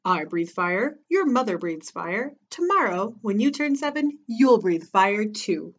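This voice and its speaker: Woman doing a stern, slow father dragon. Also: medium pitch, sing-song, lo-fi sound. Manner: slow, emphatic, insistent. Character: proud, stern father fire-breathing dragon.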